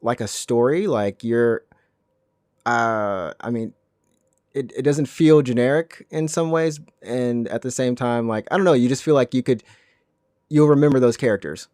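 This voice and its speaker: A man's voice: medium pitch, a little mellow, no room sound, studio quality. A man co-hosting a podcast in casual chat, asking questions and laughing easily. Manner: asks questions, quick to laugh. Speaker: podcast co-host.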